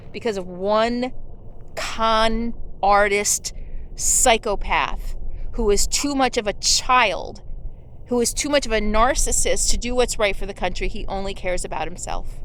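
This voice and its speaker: Slow, impassioned, angry woman vlogger. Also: mid-range voice, a bit bright, a little hiss or hum. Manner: impassioned, indignant, emphatic. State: emotional and angry. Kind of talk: ranting political vlog.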